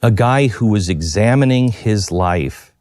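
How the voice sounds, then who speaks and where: Into the studio mic, a man hosting a radio talk show shares a personal story with earnest reflection, often stopping and restarting. He speaks at a fairly low pitch, animated and slightly mellow, with no room sound.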